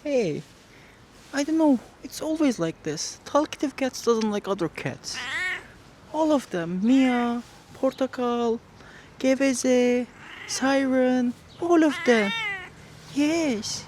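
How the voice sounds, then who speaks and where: A woman talking fondly to a stray cat in coaxing baby talk, outdoors on a street, filmed on a phone. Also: on the high side. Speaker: vlogger caring for stray cats. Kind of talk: talking to a cat, casual vlog. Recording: noisy outdoor phone recording. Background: street noise and meowing cat.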